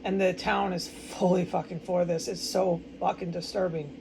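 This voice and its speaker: A woman's voice: lowish voice, little pitch movement, moderate pace, vocal fry, noisy background. An American woman in a distraught, rambling personal monologue, stumbling over words and swearing often. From United States. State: upset and distraught. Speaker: vlogger.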